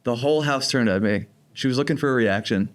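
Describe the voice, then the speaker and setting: A man from New Jersey with a light New Jersey accent, a program director giving calm, jokey explanations in a podcast interview. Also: medium pitch, fast talker. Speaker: program director of teen residential treatment.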